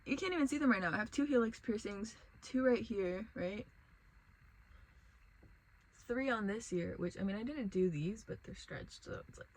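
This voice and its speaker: Young woman rambling storytime, lots of "like", kinda high voice, faint hiss behind. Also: rough recording. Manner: rambling, filler-heavy, lots of "like". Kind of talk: casual chatty storytime vlog.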